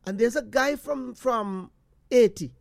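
Jamaican man, storytelling monologue, animated, patois slips, dry close sound. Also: very high voice, measured pace, vocal fry, no room sound. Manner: animated, slipping into patois, repeats phrases.

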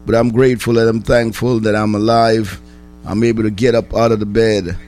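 A man hosting a morning radio program as a chaplain, with a rough just-woken voice and an exhorting, repetitive, preacher-like cadence. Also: fairly low pitch, little pitch movement, a little fast, a little mellow, soft background music.

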